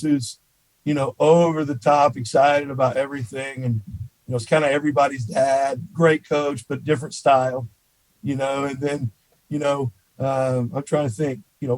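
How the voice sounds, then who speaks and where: A man who coaches college baseball, appearing as a podcast guest. He tells stories in a lively, chatty way, with plenty of "you know" along the way. His voice sits on the higher side and sounds dry and close, with no room echo. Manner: animated storyteller, peppered with "you know". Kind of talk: casual storytelling in an interview.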